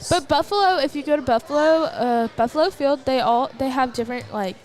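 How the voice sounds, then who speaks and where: A teenage girl from Texas, with a high voice and a Texan accent, co-hosts a live archery stream at a fairly quick pace. She chats casually, rambling through stories and giggling along the way.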